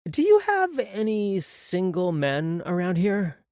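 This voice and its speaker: A man's voice: high-pitched, huge pitch swings, slow pace, darkish tone, no echo, voice pushed up, heavily acted. A man putting on a blunt, wry woman. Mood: playful. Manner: frank, dry humor. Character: blunt, self-assured grown woman, wry and teasing. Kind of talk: audiobook character voice.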